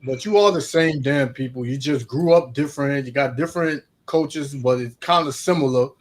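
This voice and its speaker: Husky man in a rambling chat. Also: medium pitch, normal speed. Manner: rambling, frequent restarts, conversational. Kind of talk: casual religious discussion.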